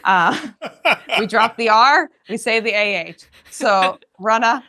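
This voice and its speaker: A woman's voice: a little high, animated, slow pace, sharp tone. A woman with a Boston accent, a guest chatting casually on a podcast with frequent fillers. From Massachusetts.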